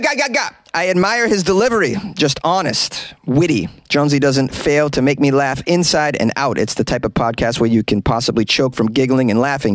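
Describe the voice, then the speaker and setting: A man hosting a comedy podcast from a small closet, reading listener reviews aloud in a playful, animated way. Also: medium pitch, dry recording. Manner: animated and playful, swooping up into silly yelps.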